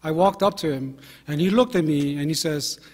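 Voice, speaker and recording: Chatty middle-aged pastor in a reverberant church. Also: male voice, on the high side, moderate pace, a little mellow. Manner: chatty and anecdotal, with fillers and self-deprecating humor. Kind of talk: conversational sermon storytelling. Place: church sanctuary. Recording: long hall reverb from a church.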